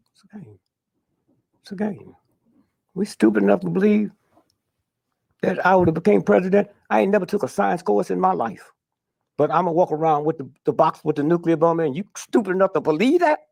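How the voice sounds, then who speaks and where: An older man, telling stories in an interview with a blunt, profane manner and a husky, gravelly voice. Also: on the high side, darkish tone. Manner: blunt, profane, punctuating with "huh?". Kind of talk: candid storytelling interview.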